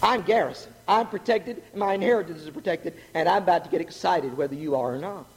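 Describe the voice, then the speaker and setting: A middle-aged man preaching a sermon, animated and joking, asking the congregation questions. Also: high-pitched, fairly quick, a little hiss or hum. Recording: long hall reverb.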